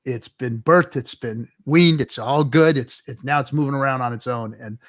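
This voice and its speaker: A male host of a live crypto chat, excitable and profane, fired up as he talks. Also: mid-range voice, moderate pace. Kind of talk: casual livestream chat.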